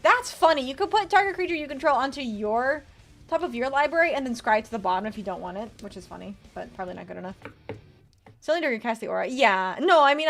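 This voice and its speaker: A young woman VTuber chats casually with her stream while building a deck, reading card text aloud along the way. Her voice is medium-pitched and gravelly.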